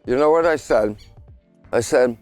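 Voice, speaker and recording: A man's voice: mid-range voice, measured pace, faint music behind. An older man, a scientist, telling a personal story in a casual interview and acting out the lines he quotes. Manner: lively storyteller who acts out his own quoted lines. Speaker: guest scientist.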